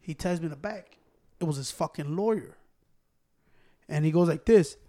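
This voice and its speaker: High-voiced man telling a profane story. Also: normal speed, long pauses. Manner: profane, animated, acts out quotes. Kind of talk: casual storytelling among friends.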